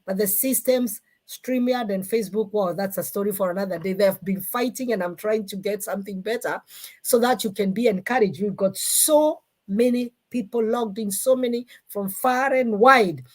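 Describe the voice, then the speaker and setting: A middle-aged woman with a Kikuyu Kenyan accent, hosting a live-streamed talk show in an animated, emphatic way. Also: mid-range voice, moderate pace. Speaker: host.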